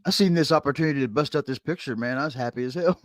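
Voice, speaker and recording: A man's voice: mid-range voice, racing, no room sound, studio quality. A man as co-host on a livestream, giving brief, laid-back replies.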